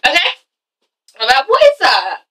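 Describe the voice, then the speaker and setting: A woman hosting a blunt, animated casual vlog review, swearing freely. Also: sits high, normal speed, recorded from a distance, a little hiss or hum, poor audio. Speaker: vlog host reviewing a reality TV show.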